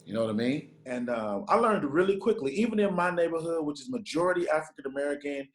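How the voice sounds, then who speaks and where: Brief: Chicago-raised pastor in his 30s, animated storyteller, slightly high voice, roomy hall. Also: quick pace. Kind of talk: storytelling sermon. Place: conference stage.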